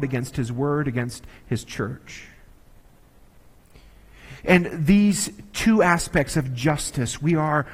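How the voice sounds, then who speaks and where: Man preaching in a reverberant hall. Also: fairly high pitch. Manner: earnest, measured, with emphatic slowed phrases. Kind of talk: sermon. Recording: long reverb of a large hall.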